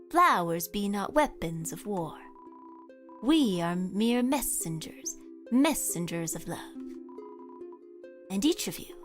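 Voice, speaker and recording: A woman voicing a theatrical flower spirit of love, reading its lines in a grand, measured, Shakespearean way. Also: medium pitch. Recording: faint game music behind.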